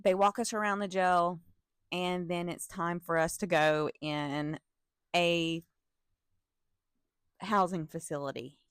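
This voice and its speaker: A young woman telling a story from her school days in an animated, profane manner, with laughing asides to her viewers. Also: on the low side, slow, pauses often, smooth, no echo, clean studio sound. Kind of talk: casual storytime vlog.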